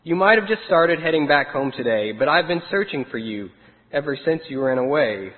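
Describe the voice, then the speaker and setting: A man's voice: a little high, expressive, moderate pace, close to an everyday voice. A man as a kind, caring shepherd. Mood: reassuring. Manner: gentle and reassuring, commanding when calling out. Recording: tinny phone-like sound with long reverb.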